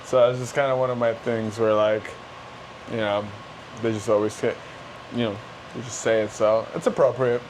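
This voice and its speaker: A man in a casual podcast chat, playful and quick to laugh. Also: mid-range voice, slight background noise, low-quality recording. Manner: playful, laughs often, animated.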